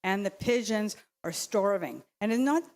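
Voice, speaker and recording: A woman's voice: mid-range voice, animated, normal speed. A woman giving a rambling, insistent public comment at a city council meeting, speaking into a podium microphone. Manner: insistent, rambling, with many fillers and restarts.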